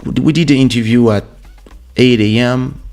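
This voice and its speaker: A man hosting his own show, telling a casual story about his music career. He talks in a relaxed way and often repeats words as he goes. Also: medium pitch, moderate pace. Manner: relaxed anecdotal, stammering repeats. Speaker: host and musician. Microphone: studio podcast microphone.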